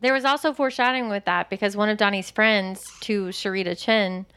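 A woman in casual podcast chat, expressive and enthusiastic as she quotes film lines. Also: medium pitch, brisk, clear, resonant tone. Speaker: podcast co-host.

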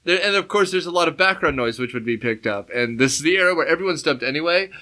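Animated man riffing on a spy film. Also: fairly high pitch, fast. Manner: animated, acts out gangster lines, swears casually. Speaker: podcast co-host. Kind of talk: casual film discussion.

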